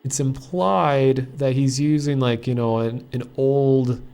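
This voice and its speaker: A man's voice: mid-range voice, fairly even intonation, takes it slowly, creaky, mellow, clear, resonant tone. A man from Minnesota with a Minnesotan accent, chatting casually and rambling as he streams a game. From Minnesota, USA. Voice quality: chatty, rambling, many fillers. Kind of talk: casual live stream commentary.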